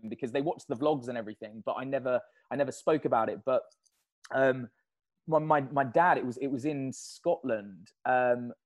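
A man being interviewed on a podcast, telling stories in an animated, casual way and laughing often. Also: medium pitch. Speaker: podcast guest, endurance athlete.

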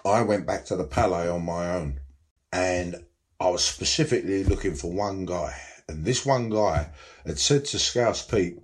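Man, low voice, middle-aged, rambling frank storyteller. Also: normal speed. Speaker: former nightclub security boss. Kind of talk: storytelling interview.

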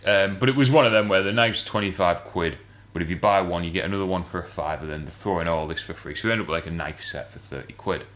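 A man, telling a long rambling story in casual podcast chat and getting animated as he goes. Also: deep voice, fast.

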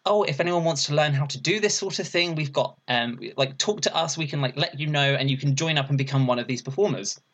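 A man's voice: on the high side, a little fast. Young guy chatting in an interview, laughs a lot, voice jumps way up when he quotes people. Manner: animated, laughs often, acts out quotes in a raised voice. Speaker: interview guest, burlesque performer. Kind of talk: casual interview storytelling.

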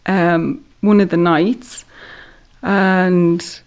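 A woman and former model, a guest on a podcast, telling a story in a relaxed, chatty way with lots of "like" and "you know". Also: lowish voice, very slow, clear, resonant tone. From Ireland. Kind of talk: casual interview storytelling.

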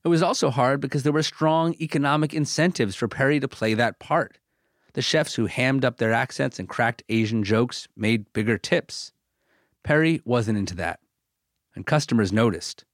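A man hosting a documentary-style podcast, narrating in a measured, clear way and interviewing a guest. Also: medium pitch, no echo, studio quality.

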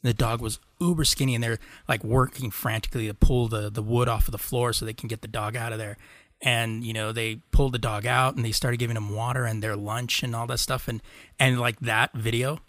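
Male podcast co-host, mid pitch, bright tone, dry close sound; rambling, profane, laughs a lot. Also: little pitch movement, brisk, no echo. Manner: rambling storyteller, swears casually, laughs often. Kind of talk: casual chat.

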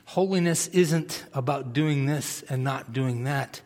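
A man's voice: mid-range voice, takes it slowly, darkish tone, in a large hall. A man preaching a sermon, passionate and emphatic, saying he is fired up rather than angry.

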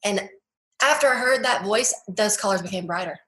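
Her voice is medium-pitched and fairly bright, moving at an ordinary pace as she tells her story. She's a young woman being interviewed, sincere and emotional, peppering her words with "like" and "you know." Echo from the room is audible.

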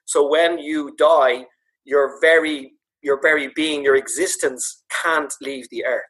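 Comedian, man, husky voice, chatty, animated storyteller. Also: on the high side, unhurried. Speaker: podcast co-host, comedian. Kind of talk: casual chat.

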